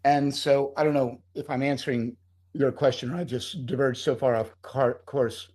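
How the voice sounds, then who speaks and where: A man's voice: mid-range voice, fairly even intonation, moderate pace, darkish tone. A middle-aged man, a screenwriter being interviewed, talking in a heated, profane, rambling way. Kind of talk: casual interview talk.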